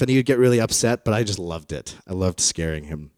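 A man's voice: fairly low pitch, rapid-fire, a little mellow, dry recording, studio quality. A man preaching a sermon in a playful, joking storytelling way, acting out the quotes he reads. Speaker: pastor.

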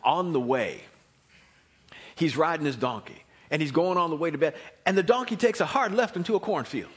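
A man preaching a sermon and telling a Bible story in an animated manner, swinging between loud and hushed. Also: on the high side, moderate pace, husky.

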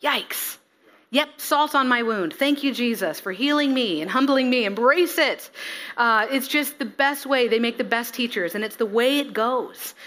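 A woman preaching a sermon, reading scripture and acting out the figures with lively expression. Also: a little high, normal speed. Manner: expressive, acts out scripture figures, laughs at herself.

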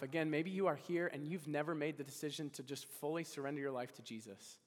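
A man's voice: fairly high pitch, fairly even intonation, quick pace. Earnest preaching man in a reverberant hall. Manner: earnest preaching, rising to urgent appeals. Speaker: pastor. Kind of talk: sermon. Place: church hall.

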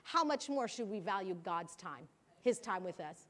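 A woman's voice: mid-range voice, animated, normal speed, a bit bright. A middle-aged woman pastor preaching a sermon, emphatic and repetitive as she urges her listeners.

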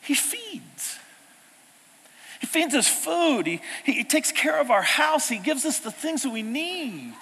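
A man preaching a sermon as pastor, animated, swinging between loud exclamations and hushed asides. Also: very high voice, takes it slowly. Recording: long reverb of a large hall.

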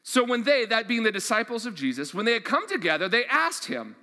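A man with a high, bright voice preaches a sermon in a casual, energetic way, repeating his questions and leaning on fillers. The sound carries a long reverb from a large church hall. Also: brisk, few pauses. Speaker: pastor.

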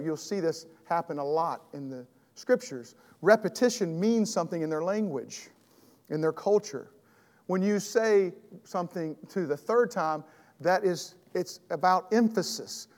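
A man's voice: high voice, darkish tone. Earnest man teaching in a reverberant hall. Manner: earnest, emphatic, repeats and restarts phrases. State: throat trouble, clearing his throat. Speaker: Bible teacher. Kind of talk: evening Bible class teaching.

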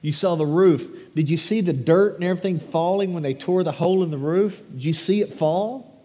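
High-voiced man preaching in an echoing church. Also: a little fast. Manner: animated, questioning the congregation. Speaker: pastor. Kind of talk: children's sermon and scripture reading. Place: church sanctuary. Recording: long echo of a large church hall.

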